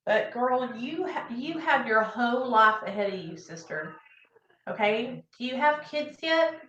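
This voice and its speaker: High-voiced woman giving an earnest pep talk. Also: animated, unhurried, fairly bright tone, a little hiss or hum. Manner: earnest, encouraging, repeats herself. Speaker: recovery livestream host. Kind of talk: casual livestream pep talk. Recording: echoey room, dull lo-fi sound.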